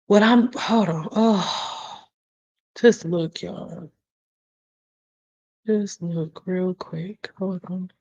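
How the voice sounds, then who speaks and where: A woman's voice: lowish voice, extremely slow, long pauses, darkish tone. A woman who works as a cosmetologist, speaking bluntly and emphatically in a casual vlog, swearing freely and addressing her viewers directly. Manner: talks straight to the audience, calls them y'all.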